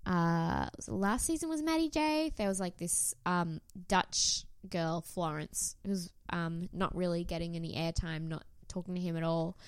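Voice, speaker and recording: A young woman co-hosting a podcast, recapping a reality show in animated, sweary, laugh-filled chat. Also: on the low side, moderate pace, hardly any pauses, clean tone, no echo, studio quality. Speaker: podcast co-host.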